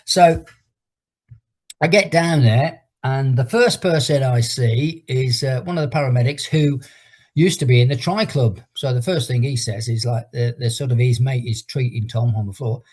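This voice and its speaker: Over a video call, a middle-aged man teaches a fitness class, telling a story as he goes. His mid-pitched voice is husky, slightly breathy, and a little mellow at a normal speed, and his chatty rambling pauses for exercise countdowns.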